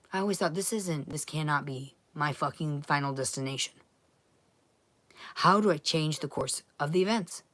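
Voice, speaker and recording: Frantic, profane woman, low voice, dry. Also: dry recording. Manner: profane, swings between loud ranting and hushed whispers. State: agitated, frantic. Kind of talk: rambling monologue to camera.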